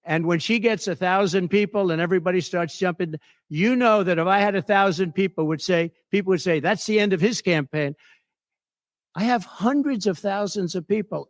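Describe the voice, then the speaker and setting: A high-pitched man running for office takes reporters' questions at a press conference, bragging, repeating himself and hammering his points home. The recording is dry with clean studio sound.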